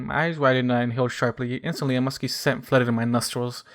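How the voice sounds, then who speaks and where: A man's voice: mid-range voice, fast, hardly any pauses, a bit bright. Man reading a story, stumbling often. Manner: stumbling restarts and self-corrections. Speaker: fan fiction reader.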